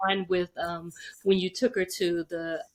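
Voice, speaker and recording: A woman's voice: on the low side, flat delivery, moderate pace. A woman hosting an interview who asks curious follow-up questions and responds briefly and encouragingly. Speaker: podcast host.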